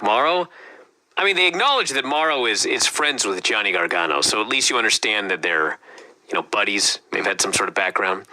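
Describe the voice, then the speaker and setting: A man's voice: fairly low pitch, pushed and bright. A man co-hosting a wrestling review show, talking in a casual, profane, ranting way. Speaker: podcast co-host.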